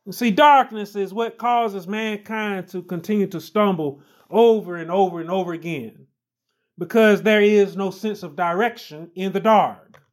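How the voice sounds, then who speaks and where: A man preaching a sermon, emphatic and repetitive, building stress on key phrases. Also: high-pitched. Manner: slow, emphatic, repeats phrases with rising stress.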